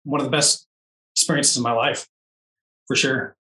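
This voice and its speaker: Male guest, lively storyteller, bright tone, roomy echo, set back from the mic. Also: medium pitch, moderate pace, far from the mic. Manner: animated storyteller, laughs often. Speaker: interview guest, off-road racer. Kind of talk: casual storytelling interview.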